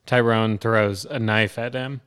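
Man for a casual podcast, low smooth voice, easygoing, mostly short agreeing replies. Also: steady tone, a little slow, a bit bright. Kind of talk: casual movie discussion.

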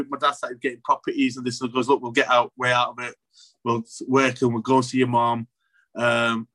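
A young man, an interview guest telling an emotional personal story, halting and repetitive, swearing often. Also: mid-range voice, bright, forceful tone.

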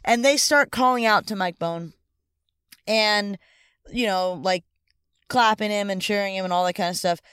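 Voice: medium pitch, normal speed, long pauses, fairly bright tone, clean tone, no room sound, studio quality. A sports podcast co-host chatting casually and telling a story at length, full of "like" and "you know". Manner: rambling, many "like" and "you know" fillers; enthusiastic, upbeat. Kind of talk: casual chat, retelling a story.

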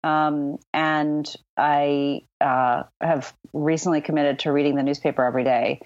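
A woman's voice: sits low, steady tone, unhurried, no room sound. A woman guest author answering podcast interview questions thoughtfully, with many ums and restarts. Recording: dull, dry lo-fi sound.

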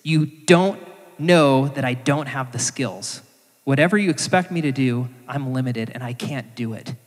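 A preacher doing an insecure older man who pleads and stammers, hesitant and unsure of himself. His middle-pitched voice carries a long echo from a large hall. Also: measured pace, natural voice. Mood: pleading. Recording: echoey church hall.

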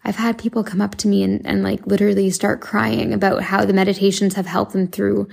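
A woman's voice: mid-range voice, level tone, fairly quick, creaky, darkish tone, husky. A young woman hosting her own show, talking casually and earnestly with lots of fillers and restarts. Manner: chatty, earnest, filler-heavy with frequent likes and restarts. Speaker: podcast host and meditation app founder. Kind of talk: casual monologue.

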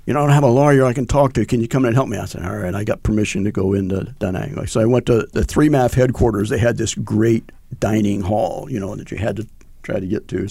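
Gravelly older man recalling his war service. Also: mid-range voice, warm tone, no echo, studio quality. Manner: rambling, many fillers and restarts. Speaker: veteran interviewee. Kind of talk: conversational recollection.

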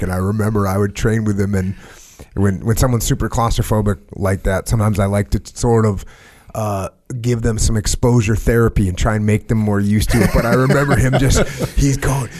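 A man's voice: lowish voice, steady tone, fairly quick, few pauses, darkish tone. A man hosting a podcast, chatting in a laid-back, slangy way with his guest. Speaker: podcast host. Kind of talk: casual conversation.

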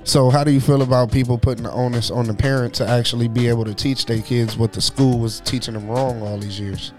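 A man's voice: medium pitch, fairly even intonation, quick pace, a little mellow, faint music behind. Easygoing man steering the chat. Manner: meandering questions, easy laughs. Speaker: podcast host. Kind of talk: casual chat, asking questions.

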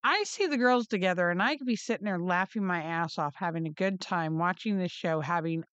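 A woman co-hosting a podcast, chatting casually and excitedly about reality TV and often trailing off mid-sentence. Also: fairly low pitch, fairly quick, clean tone, no echo, dull audio. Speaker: podcast co-host. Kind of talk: casual chat recapping reality TV.

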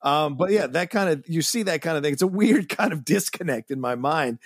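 A man's voice: on the high side, animated, fairly quick, no echo, studio quality. A man co-hosting a casual film podcast, talking in an enthusiastic, rambling way with the odd curse. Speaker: podcast co-host.

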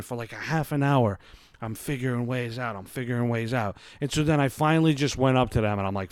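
This podcast host, a man in his thirties, rattles off a rambling, swear-filled story at his own expense from his bed at home. His mid-range voice is animated and brisk, recorded cleanly in studio quality without echo.

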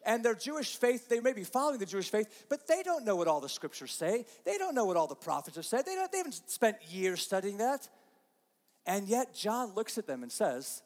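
A pastor giving a conversational sermon, dropping to soft, slow asides and rising to loud, emphatic lines. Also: male voice, high-pitched, big-room sound. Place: church sanctuary.

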